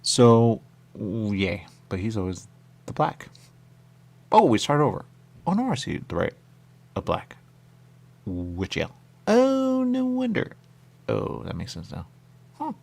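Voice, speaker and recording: A man's voice: low voice, creaky, a little mellow. A man hosting a radio show, chatting casually and rambling to himself as he plays a game. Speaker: radio host.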